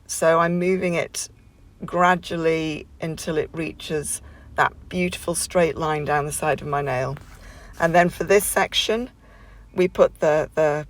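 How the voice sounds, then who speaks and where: A woman narrates a nail tutorial at home in a casual voiceover. Her voice has a gravelly, fry-touched texture. She rambles chattily, full of ums and restarts. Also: low voice.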